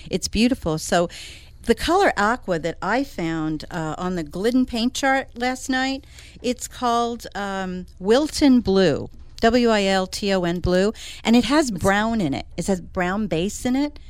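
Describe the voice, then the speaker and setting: A woman's voice: mid-range voice, expressive, measured pace, clear, resonant tone, no echo. Enthusiastic lady designer gabbing on a talk show, dry close sound. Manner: chatty, enthusiastic, laughs often. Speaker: interior designer and show regular. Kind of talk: casual radio chat.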